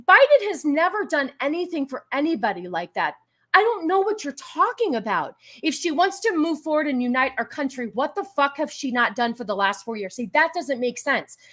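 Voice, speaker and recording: A woman with a fairly high voice runs her live stream in a loose, casual way. She argues with chat in an exasperated tone and stops to thank donors. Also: fairly bright tone. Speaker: livestream host. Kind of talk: casual political commentary stream.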